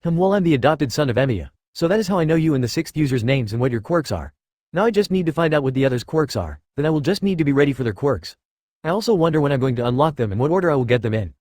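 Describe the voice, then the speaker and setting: A man's voice: medium pitch, expressive, quick pace, a little mellow, no echo, studio quality, lightly acted. A man reading as a blunt, swearing young swordsman. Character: young male swordsman hero, blunt and profane.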